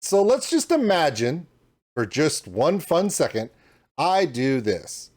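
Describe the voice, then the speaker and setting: A man's voice: fairly high pitch, takes it slowly. A man hosting his own reaction channel, walking viewers through his home streaming setup in a casual, demonstrative way. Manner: animated and demonstrative, pointing things out. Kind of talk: casual tutorial walkthrough.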